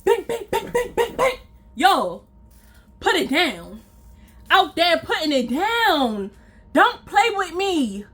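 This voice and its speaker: A woman vlogger tells a personal story straight to her viewers in a casual, lively way. Her voice is high and bright. She hammers points home by repeating them and slips into the voices of the people in the story. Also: takes it slowly, long pauses. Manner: animated, repeats phrases for emphasis, acts out quoted lines.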